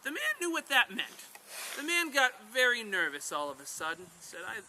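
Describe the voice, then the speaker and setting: A man, a bushcraft instructor, telling an animated story to a camp group outdoors. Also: very high-pitched, moderate pace, a little hiss or hum. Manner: animated storyteller, draws lessons from tales. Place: outdoors at a woodland skills camp.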